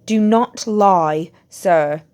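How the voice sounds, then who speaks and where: A woman's voice: medium pitch, normal speed, mellow, lightly acted. A woman voicing a cold, curt, furious older male official who snaps accusations, in an amateur audiobook reading. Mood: shouting. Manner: snapping, accusing.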